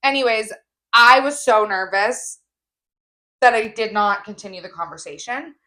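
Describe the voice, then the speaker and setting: Young woman podcast co-host, bubbly giggly storyteller, slightly high-pitched, buzzing with energy. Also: moderate pace, sharp tone. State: wired on an energy drink. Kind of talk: casual chat.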